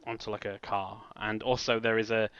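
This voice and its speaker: Bright-voiced male game master, halting. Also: fairly low pitch, flat delivery, clear, resonant tone, no echo, muffled recording. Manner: rambling, halting, laughs often. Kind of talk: narrating a tabletop game.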